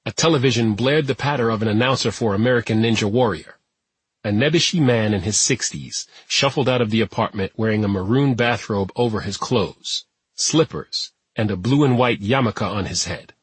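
Husky male audiobook narrator. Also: lowish voice, normal speed, no echo. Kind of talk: scripted narration.

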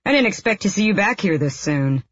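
A woman reading an audiobook, voicing a cocky young male waiter in a low, smug tone. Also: lively intonation, brisk, dull audio, lightly acted. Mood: amused. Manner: smug, dismissive.

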